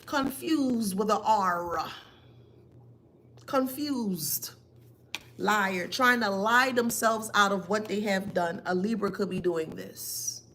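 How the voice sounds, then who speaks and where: Woman, tarot-style reader, gravelly fry in her voice, faint hiss behind her; taunting, emphatic delivery. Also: mid-range voice, takes it slowly, a bit bright. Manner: taunting, emphatic rhetorical questions. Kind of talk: spiritual reading monologue.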